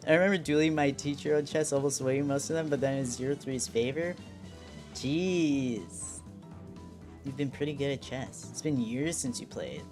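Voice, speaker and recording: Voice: mid-range voice, moderate pace, music in the background. A young adult streamer chatting casually with viewers in a slangy, self-mocking way. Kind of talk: casual live-stream chat.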